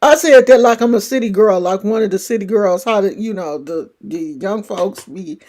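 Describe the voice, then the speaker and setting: A woman's voice: medium pitch, normal speed, hardly any pauses, a little mellow. A middle-aged woman with a California country twang, chatting casually and rambling as a livestream host. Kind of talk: casual chat.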